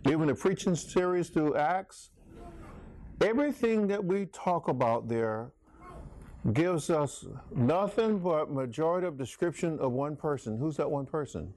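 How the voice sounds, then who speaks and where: Bible class leader, animated and questioning, voice swinging widely in pitch. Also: no room sound. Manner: animated, questioning, jokey asides. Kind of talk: interactive Bible class teaching.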